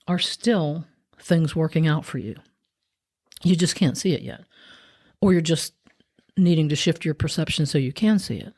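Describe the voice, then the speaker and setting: A woman hosting a podcast, talking through a reflective spiritual monologue in a gentle, musing, conversational way. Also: lowish voice. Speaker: podcast host.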